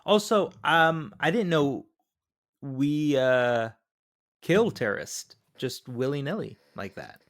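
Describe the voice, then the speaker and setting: A man's voice: a little high, expressive, takes it slowly, fairly bright tone. A man co-hosting a podcast, chatting loosely about a film and asking questions with many fillers. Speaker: podcast co-host. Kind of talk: casual movie recap chat.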